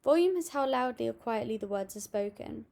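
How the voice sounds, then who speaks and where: A young woman reading out a school assignment on voice techniques, steady and a little halting, with small restarts. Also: a little high, creaky. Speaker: student presenting an assignment. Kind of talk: read-aloud school presentation.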